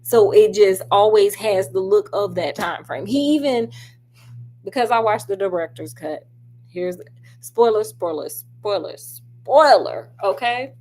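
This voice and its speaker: A woman's voice: medium pitch, measured pace, dark tone. A woman reviewing a film in a casual, sassy, chatty way. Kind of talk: casual chat.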